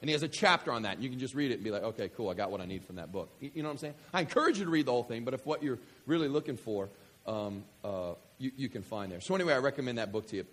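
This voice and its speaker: A man from West Kentucky preaching a sermon, joking with the congregation and swinging from quiet scripture reading to loud excitement. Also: medium pitch, rapid-fire. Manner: animated, jokey, swings between quiet reading and loud enthusiasm. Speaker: pastor.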